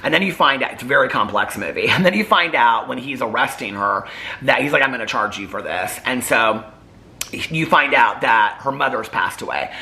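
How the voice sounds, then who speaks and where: A man's voice: mid-range voice, expressive, moderate pace, bright, forceful tone. A man casually recapping a shark movie, rambling and laughing often as he retells it. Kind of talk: casual chat.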